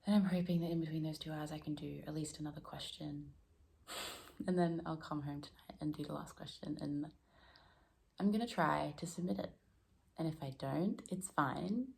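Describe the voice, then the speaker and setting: Low gravelly woman chatting casually. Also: fairly even intonation, normal speed, a little mellow. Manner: rambling, self-deprecating, laughs often. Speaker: vlogger. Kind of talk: casual reflective vlog chat. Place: room at home.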